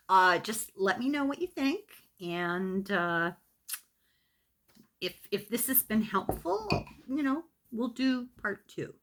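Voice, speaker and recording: An older woman with an Irish accent, gently talking viewers through a knitting tutorial step by step, patient and a little self-deprecating. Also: medium pitch, expressive, slow. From Ireland. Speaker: knitting teacher.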